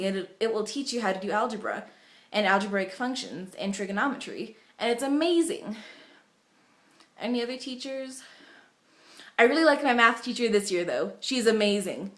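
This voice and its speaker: A young woman from the United States telling rambling stories to her webcam at home, chatty and full of fillers. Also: medium pitch. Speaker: vlogger. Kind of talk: casual vlog storytelling.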